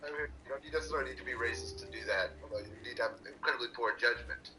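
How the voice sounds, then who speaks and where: A man muses hesitantly while playing along on a stream, working out his thoughts as he goes. Game music plays clearly behind his ordinary mid-pitched voice. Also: racing, rough recording. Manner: hesitant, thinking aloud. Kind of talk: casual chat over a game stream.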